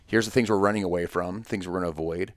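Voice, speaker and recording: A man's voice: low-pitched, fast, no room sound, clean studio sound. A man talking as a podcast guest in casual conversation, emphatic and story-driven, with punchy repetitions.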